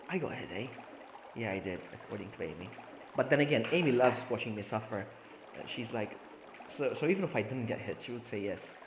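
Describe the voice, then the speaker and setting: Excitable man streaming a game. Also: medium pitch, brisk. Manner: joking, excitable, laughs a lot. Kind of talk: live gameplay commentary. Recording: echoey room with faint noise.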